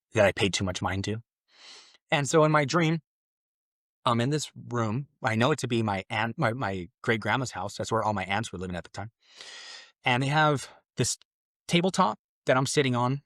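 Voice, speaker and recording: A man's voice: mid-range voice, a bit bright, no room sound, clean studio sound. A young man, a podcast guest, telling a personal story in a casual, rambling way, acting out what others said. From Mexican family. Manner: casual, rambling with fillers and acted-out quotes.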